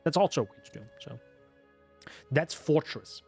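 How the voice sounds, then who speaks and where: A man's voice: a little high, lively intonation, normal speed, a little mellow, breathy edge, faint music behind. A man streaming a video game, rambling casually to his viewers as he plays. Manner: rambling, chatty, talks to viewers. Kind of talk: live gameplay commentary.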